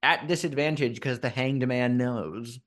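A man serving as game master, narrating a tabletop role-playing game in a slow, deliberate storytelling manner with dramatic pauses. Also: mid-range voice, fairly bright tone.

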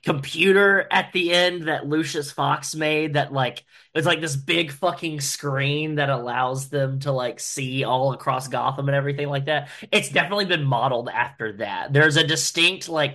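Bright-voiced man playing a tabletop game. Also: medium pitch. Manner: loose, filler-heavy, excitable. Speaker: player. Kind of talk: casual tabletop role-play.

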